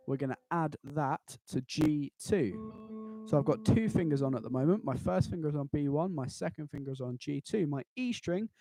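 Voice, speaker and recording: A man's voice: fairly high pitch, dark tone. A man teaching a live online guitar lesson, patiently walking students through chords and cheering them on. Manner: encouraging, patient, counts students in; chants rhythm syllables in time. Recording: guitar playing behind voice. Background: acoustic guitar.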